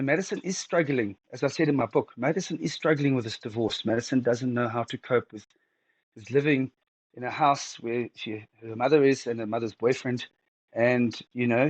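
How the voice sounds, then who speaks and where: A middle-aged man speaking candidly as an interview guest, halting and emotional, close to tears and restarting his sentences often. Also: medium pitch, darkish tone, no room sound, rough recording.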